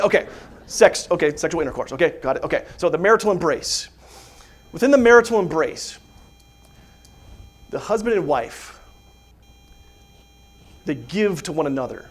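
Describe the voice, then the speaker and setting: A man giving a casual faith talk to a group of parents, full of rhetorical questions and asides like "right?". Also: on the high side. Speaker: catechist teaching parents. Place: parish hall dinner gathering.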